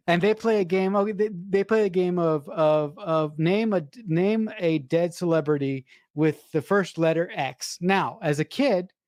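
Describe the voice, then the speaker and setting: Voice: mid-range voice, unhurried, darkish tone, no room sound, clean studio sound. A podcast host recapping a film scene by scene in a rambling, casual way, with many restarts.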